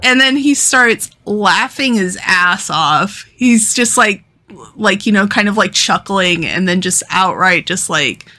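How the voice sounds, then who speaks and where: A young adult woman co-hosting a podcast, retelling a manga in casual chat with animated delivery and constant "like" fillers. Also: mid-range voice, takes it slowly. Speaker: podcast co-host.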